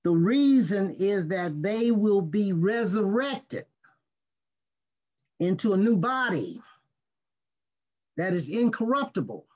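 Slow, high-voiced preaching man. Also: big pitch swings, a little mellow. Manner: slow, deliberate scripture reading with stressed words. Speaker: pastor. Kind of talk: sermon teaching. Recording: dull lo-fi recording.

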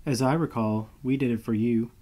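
A man's voice: medium pitch, steady tone, mellow, close to an everyday voice. Man playing a nonchalant smirking vampire man. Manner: nonchalant, unhurried, dry. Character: cool smirking male vampire telepath, tall and pale.

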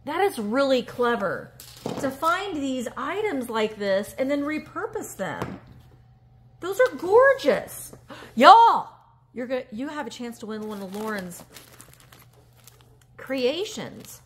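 A woman, chatting casually on a handheld phone vlog as she reads fan mail and opens a gift, emotional and gushing with breathy gasps. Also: fairly high pitch, sing-song, a little slow, a little hiss or hum. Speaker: vintage reseller vlogger. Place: indoors at a table. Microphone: handheld phone camera.

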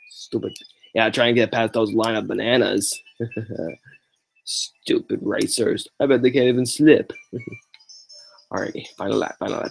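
Male voice, casual racing-game commentary, mutters exclamations, gravelly fry, middle pitch. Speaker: gameplay livestreamer.

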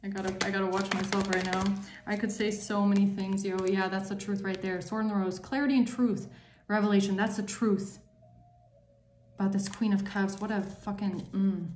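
A woman's voice: mid-range voice, steady tone, moderate pace, roomy sound, background noise. Angry swearing woman reading tarot. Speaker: tarot reader.

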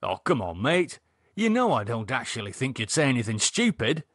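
A man voicing a calm, sardonic man who talks in a wry, teasing, level-headed way, with a husky voice. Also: mid-range voice, normal speed, dry recording, clean studio sound.

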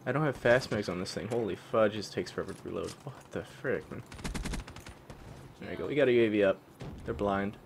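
A young man giving excitable live commentary on a video game, yelping and swapping swears for "fudge". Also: lowish voice, a little fast, creaky, pauses often, noisy background. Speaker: gaming channel host.

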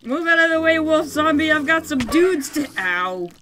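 A woman giving excitable, yelping play-by-play commentary on a survival game session, often laughing at her own bad plan. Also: high-pitched, normal speed, background noise. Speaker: gaming video creator. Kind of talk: Minecraft let's play commentary.

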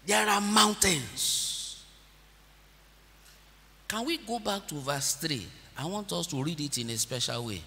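Male preacher, high lively voice, very bright tone, rousing call-and-response, long church reverb. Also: slow, pauses often. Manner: preaching with call-and-response, swelling into shouted prayer and speaking in tongues. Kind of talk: sermon. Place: large church hall.

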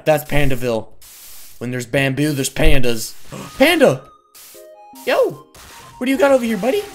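A woman giving excitable gameplay commentary as host of a gaming video, often yelping and shouting at in-game sounds. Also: low voice. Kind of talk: excitable let's-play commentary.

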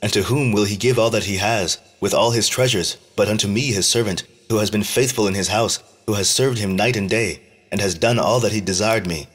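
Eleazar, a faithful servant, boasts in archaic speech, as a man reads him aloud. The voice is low and husky. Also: brisk, few pauses. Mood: boastful.

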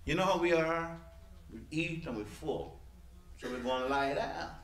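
Man, preacher, sermon, lively folksy delivery, bright tone, roomy church echo. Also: on the high side, normal speed. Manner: lively, folksy preaching with sudden loud peaks and hushed asides. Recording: echoey church room.

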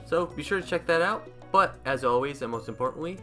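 A man's voice: fairly high pitch, expressive, brisk, sharp tone, soft background music. Chatty man narrating his farming game. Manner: chatty, thinks aloud while playing. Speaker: gaming channel host. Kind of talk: casual gameplay commentary.

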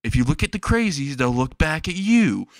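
A man's voice: on the high side, sing-song, normal speed, no room sound, voice pushed up. A man voicing a prim, judgmental mother lecturing her child.

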